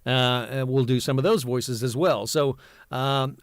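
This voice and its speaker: A man's voice: medium pitch, steady tone, a little slow, dry recording. A man in his fifties, a voice-over artist, talking casually from his home studio, rambling with many fillers and restarts. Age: 50s. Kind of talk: casual vlog talk.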